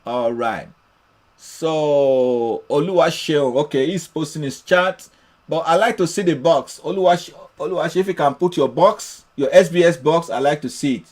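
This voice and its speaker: A man's voice: fairly high pitch, moderate pace, darkish tone. A man mentoring traders in a live session, reading viewer comments aloud and encouraging them, often repeating his phrases. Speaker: trading mentor. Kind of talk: live-streamed trading session.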